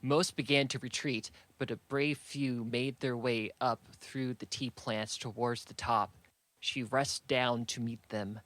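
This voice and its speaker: A man narrating a fantasy audiobook in a steady, measured storytelling manner. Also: medium pitch, dry recording.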